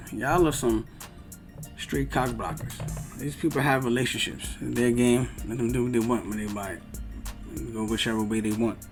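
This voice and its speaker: A man in the middle pitch range fires back at another creator in reaction commentary. His talk is loose and slangy, heated and argumentative, with faint music playing under him. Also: fairly bright tone. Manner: casual slang-heavy street talk. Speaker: YouTube commentator answering another video.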